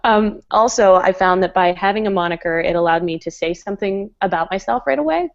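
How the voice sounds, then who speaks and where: A woman's voice: medium pitch, fairly quick, dull audio. A woman guest in a casual interview chat, talking in a chatty way with frequent laughs and fillers. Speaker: guest designer.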